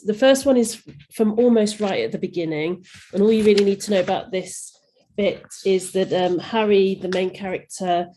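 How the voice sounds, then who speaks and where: A woman's voice: mid-range voice, mellow, a little hiss or hum, low-quality recording. A woman from Nottingham, an author reading aloud from her own novel at an online event. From England.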